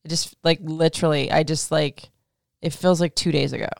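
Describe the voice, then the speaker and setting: In a dry recording, a woman in her thirties speaks with a deep, darkish voice, a steady tone, vocal fry, and a moderate pace. Hosting a casual podcast, she answers listener questions frankly and profanely, full of "like," and sounds emotional, close to tears.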